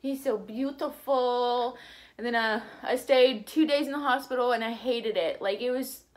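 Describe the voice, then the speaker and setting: A woman's voice: on the high side, moderate pace. A young woman telling a casual, chatty story in a vlog, with lots of "like"s and bits of baby talk. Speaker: vlogger and new mother.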